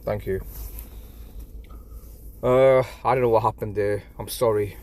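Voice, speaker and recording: Stammering English man, low-pitched voice. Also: fairly even intonation, measured pace, darkish tone. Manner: stammering, repeats words, rambling and apologetic. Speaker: live stream host. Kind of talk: casual live stream chat.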